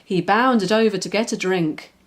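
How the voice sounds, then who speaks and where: A woman, a children's author, reading her own picture book aloud in a lively, expressive storytelling way. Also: mid-range voice, moderate pace.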